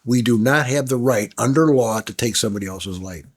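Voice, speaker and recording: A man's voice: mid-range voice, brisk. A man, a former prosecutor, earnestly recalling a disturbing memory in casual conversation. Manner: earnest, emotional recollection. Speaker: former prosecutor, podcast guest.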